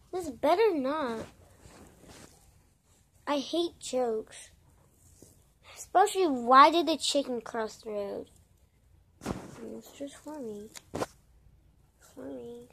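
A high-pitched woman voices a whole group of characters in a homemade story. She is brash and swears freely, and her speech comes slow and drawn out. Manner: brash, swears often, switches between shouting and mumbling. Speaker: voice-over creator.

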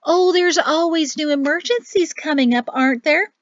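A woman's voice: high-pitched, normal speed, no room sound, pitched above the performer's own voice, natural voice. A woman voicing a cheerful, pushy older mother-in-law who talks in a sing-song way. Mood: chirpy. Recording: dry, slightly muffled audio.

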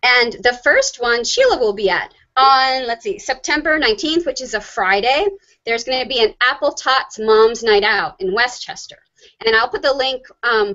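A woman hosting a live online show, chatting casually and rushing through announcements. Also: fairly high pitch, sharp tone. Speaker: host. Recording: dull lo-fi sound.

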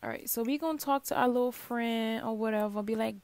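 Young woman, slangy chatty gameplay commentary, higher voice, dry close mic. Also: fairly quick, hardly any pauses, dry recording. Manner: chatty, slangy, talks to her viewers while playing, bursts of excitement. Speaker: gaming channel host. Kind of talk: casual Let's Play commentary.

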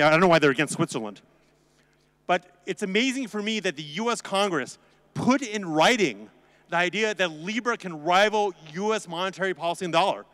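A man's voice: high-pitched, a bit bright. A man giving a conference talk in a sarcastic, joking, conversational way, with a long hall reverb on the recording. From United States. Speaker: conference speaker.

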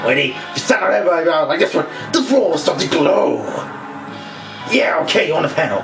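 A man's voice: a little high, animated, normal speed, vocal fry, echoey room, music in the background. A man voicing a gloating evil spirit trapped in a box, taunting and cackling as he reads game dialogue aloud. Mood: mocking.

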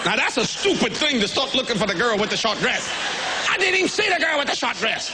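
Man preaching, folksy storyteller, high lively voice, bursts of shouting. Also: fast talker, crowd noise, background noise. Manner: animated, folksy, often shouting and laughing. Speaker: pastor. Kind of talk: sermon with comic storytelling.

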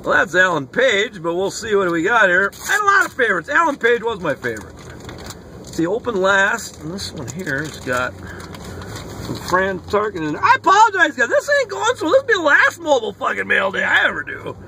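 A man opening sports card mail in his car, talking in an excitable, profane, hollering way. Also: high-pitched, fairly quick, slight background noise. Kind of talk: casual card-opening vlog. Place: inside a car. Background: rock music playing faintly.

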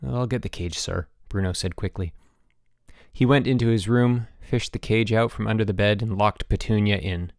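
A man narrating an audiobook in a measured storytelling manner. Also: fairly low pitch, steady tone, no room sound, clean studio sound. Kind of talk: scripted narration.

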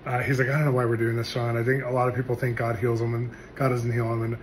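A middle-aged male pastor telling a personal testimony in an earnest, animated storytelling way. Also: medium pitch, quick pace, a little hiss or hum. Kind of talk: testimony sermon.

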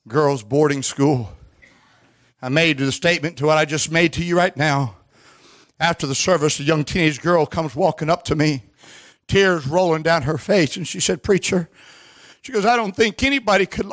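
A man preaching a sermon in a church service, fervent, with shouted peaks and call-and-response. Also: a little high, moderate pace. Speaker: pastor.

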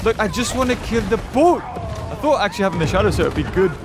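A young man excitedly commentating his gameplay, often exclaiming and laughing. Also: high voice, fast talker. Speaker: gaming YouTuber. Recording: game music behind voice.

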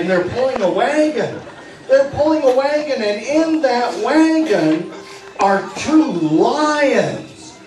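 A man working as a stage hypnotist, guiding volunteers through suggestions with slow, coaxing, playful patter. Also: sits high, a little mellow. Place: party venue with audience. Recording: echoey room from far off, faint music.

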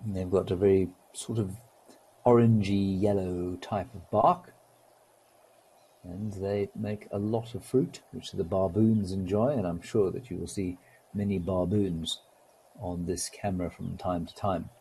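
A man hosting a live wildlife stream, talking in a relaxed, gently wry way and greeting viewers. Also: sits low, measured pace, slightly rough, rough recording.

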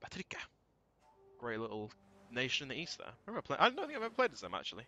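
Bright-voiced man swearing through gameplay. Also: medium pitch, huge pitch swings, rapid-fire. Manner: thinks aloud, swears and shouts when frustrated. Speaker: let's play gamer. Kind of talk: casual gameplay commentary.

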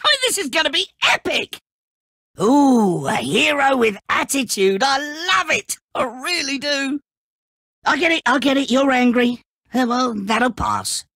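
A man's voice: very high-pitched, big pitch swings, measured pace, sharp tone, no room sound, clean studio sound, exaggerated voice. An actor voicing a smug, godlike male villain in a video game, taunting and amused by others' anger. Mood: gleeful mocking.

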